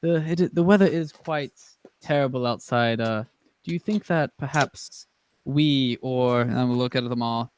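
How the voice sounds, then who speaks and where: A man's voice: medium pitch, normal speed, clean tone, lightly acted. A man playing a charming half-elf rogue who talks politely and hesitantly in a tabletop game.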